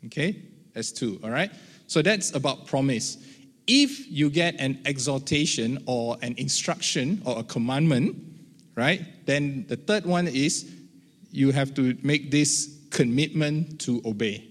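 A man's voice: medium pitch, unhurried. A man giving a conversational sermon on prayer, often checking in with "right?" and speaking his own prayers aloud as examples. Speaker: church teacher. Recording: long reverb of a large hall.

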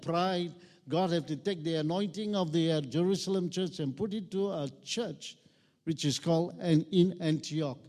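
Man preaching to a congregation; raised pitch, pushes lines for the crowd to echo back, big reverberant hall. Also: darkish tone. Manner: emphatic call-and-response, urging the congregation to repeat phrases. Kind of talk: sermon. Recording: long reverb of a large hall.

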